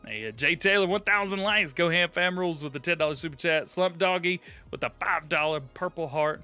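A man with a drawl hosting a live game stream, chatting casually with viewers, laughing often and thanking them warmly. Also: fairly high pitch, brisk, few pauses, smooth. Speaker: live-streaming gamer host. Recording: light game music behind.

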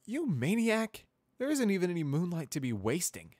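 A man's voice: high-pitched, wildly swooping pitch, darkish tone, no echo, pitched above the performer's own voice, heavily acted. Man voicing Spitfire, a sarcastic mare cadet. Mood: groggy grumpy. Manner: sarcastic, grumpy, quick-tempered. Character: tough, prickly young female pegasus cadet.

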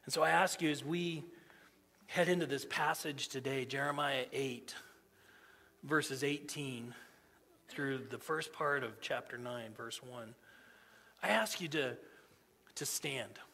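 A man's voice: medium pitch, slow pace, creaky, long pauses, breathy edge. Earnest preacher man in a reverberant sanctuary. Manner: earnest, repeats himself, swings from hushed to loud. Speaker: pastor. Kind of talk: sermon. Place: church sanctuary. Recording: church sanctuary with long reverb.

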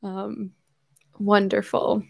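A young adult woman hosting a casual livestream from home, chatting effusively and reading viewer messages aloud with quick asides and self-corrections. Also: mid-range voice, level tone, gravelly, a little mellow. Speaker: livestream host.

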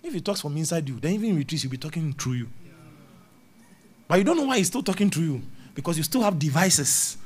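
A man preaches, his voice pitched high for a man. He preaches dramatically, booming out some lines and murmuring others low. He laughs at his own jokes as he goes. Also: lively intonation, quick pace, breathy edge. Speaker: pastor. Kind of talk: sermon.

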